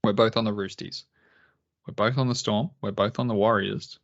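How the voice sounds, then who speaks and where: A man's voice: on the low side, steady tone, normal speed, lo-fi sound. An Australian man co-hosting a casual sports podcast, swearing freely, joking and reading listener comments aloud. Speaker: podcast co-host.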